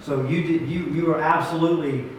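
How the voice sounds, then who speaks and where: A man with a slightly high voice and fairly even intonation speaks fairly quickly over a faint hiss or hum. He is a pastor teaching his group earnestly and emphatically, often restarting his sentences. The mic sits far off in an echoey room.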